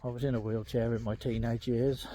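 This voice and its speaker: A man's voice: medium pitch, flat delivery, fairly quick, dark tone, slight background noise. A middle-aged man, in pain and limping, talking candidly with lots of ums while walking his dog outdoors, recorded on an earbud mic. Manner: candid, rambling, frequent ums. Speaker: vlogger. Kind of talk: casual walking vlog.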